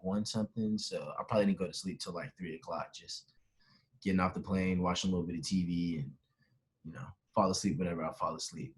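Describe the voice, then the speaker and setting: Here is a young man with a somewhat low voice, chatting as a podcast guest. He tells his story with animation and jumps into the voices of the people he quotes. His talk is relaxed and casual. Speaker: podcast guest, professional baseball player.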